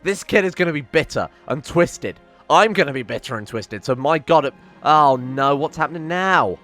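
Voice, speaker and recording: A man's voice: fairly high pitch, lively intonation, moderate pace, few pauses, a bit bright, soft background music. A young man giving casual, exasperated game commentary, swearing and ranting theatrically. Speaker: game streamer.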